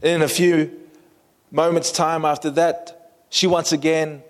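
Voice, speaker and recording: A man preaching a sermon, painting a vivid scene slowly and inviting listeners to imagine it. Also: a little high, little pitch movement, long reverb tail. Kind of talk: storytelling sermon.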